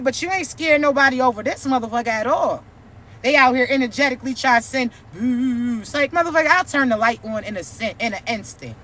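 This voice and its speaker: A woman's voice: a little high, fairly bright tone, slight background noise. A woman giving a profane, preachy, mocking vlog rant as a spiritual content creator.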